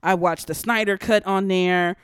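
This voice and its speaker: Brief: young solo podcaster, blunt and profane, smooth dry close sound. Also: medium pitch, fairly even intonation, unhurried, dry recording. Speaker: podcast host.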